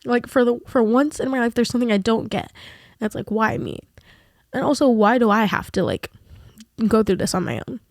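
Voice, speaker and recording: A woman's voice: on the high side, animated, brisk, dry recording, studio quality. Candid young woman rambling emotionally. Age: young adult. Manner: candid, rambling, filler-heavy. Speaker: vlogger. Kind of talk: confessional vlog.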